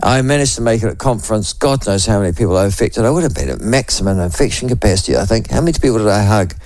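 A man in his sixties with a New Zealand accent, hosting a talk radio show with a voice hoarse from a cold, rambling and chatty with many restarts. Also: on the low side, expressive, quick pace, darkish tone, no echo. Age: 60s. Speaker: radio host. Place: radio studio.

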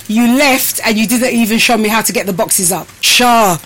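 A woman with a fairly high voice hosts a casual live stream, out of breath as she chats to her viewers. Her talk is loose and friendly, full of fillers as she fills time between songs. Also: normal speed, a bit bright, rough recording. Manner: chatty, addresses viewers as people and peeps. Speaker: host.

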